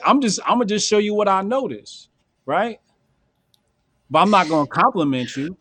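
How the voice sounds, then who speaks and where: A man hosting a casual podcast, talking bluntly in slang and acting out quick bits of dialogue. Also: high-pitched, lively intonation, a bit bright, no room sound. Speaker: podcast host.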